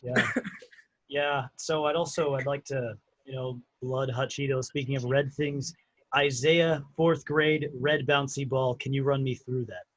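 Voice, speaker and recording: A man's voice: medium pitch, fairly even intonation, unhurried. A young man casually hosting a podcast, tossing questions to his friends. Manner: casual questions and prompts to guests.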